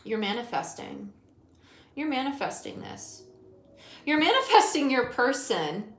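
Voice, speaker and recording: A woman's voice: mid-range voice, fairly bright tone. A woman giving a casual tarot reading, talking straight to the viewer in a chatty way and often laughing. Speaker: tarot reader. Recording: echoey room with faint noise.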